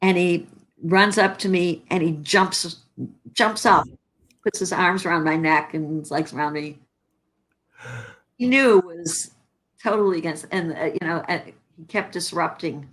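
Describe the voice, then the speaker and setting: A woman's voice: fairly low pitch, measured pace. An older woman from Chicago, an actress, telling stories in an interview and acting out the lines she quotes. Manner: animated anecdotes, acts out quoted lines. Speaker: actress guest. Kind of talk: interview storytelling.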